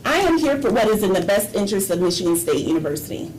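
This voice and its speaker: A woman's voice: medium pitch, sing-song, fast talker, a little mellow, slight background noise, poor audio. A woman speaking as a university board trustee, making an impassioned, emphatic statement at a board meeting and repeating her points for effect. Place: meeting room.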